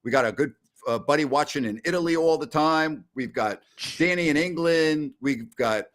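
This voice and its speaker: A man in his sixties hosting a casual post-game show, telling rambling stories loudly with salty language. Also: fairly high pitch, moderate pace. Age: 60s. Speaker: host.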